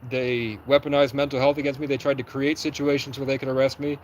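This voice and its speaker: A man's voice: medium pitch, flat delivery, slight background noise, poor audio. Agitated man livestreaming outdoors. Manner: agitated, rapid storytelling with reenacted quotes. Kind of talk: livestream monologue.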